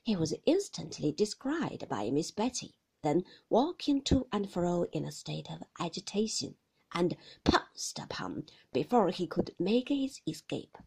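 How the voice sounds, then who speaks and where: A woman narrating a classic novel as an audiobook, in a hushed delivery that often drops to a breathy whisper. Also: lowish voice, very animated, measured pace. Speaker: audiobook reader.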